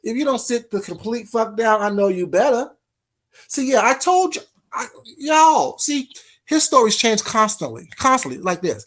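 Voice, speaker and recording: A man's voice: very high voice, sing-song, normal speed, fairly bright tone. A man hosting a casual livestream, talking straight to his chat in a heated, repetitive way. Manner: heated, talks straight to chat, repeats phrases. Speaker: livestream host.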